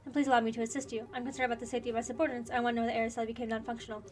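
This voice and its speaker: A woman's voice: on the high side, little pitch movement, racing, natural voice. A woman voicing a formal knight captain. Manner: polite, formal. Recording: faint game music behind.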